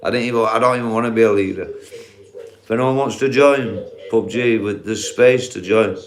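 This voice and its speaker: A middle-aged man with a Yorkshire accent chatting live to viewers from a dark bedroom while lying down, talking in a blunt, sweary, earnest way. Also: on the low side, moderate pace, roomy sound, a crowd in the background. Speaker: livestreamer. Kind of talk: casual live chat reading viewer comments.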